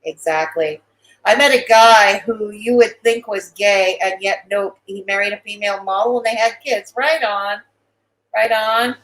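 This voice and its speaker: A woman's voice: medium pitch, a little slow, a bit bright. Chatty woman host in an echoey room. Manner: chatty, repeats greetings and thanks to viewers. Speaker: livestream host. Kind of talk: casual livestream chat reading viewer comments.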